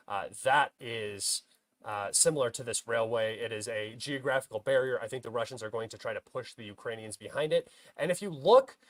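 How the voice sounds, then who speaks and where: A man's voice: mid-range voice, no room sound. Filler-heavy young man, dry close mic. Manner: filler-heavy, many uh and um restarts; bursts into loud frustrated shouting at himself. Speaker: host of a military map analysis stream. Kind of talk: casual livestream commentary over a map.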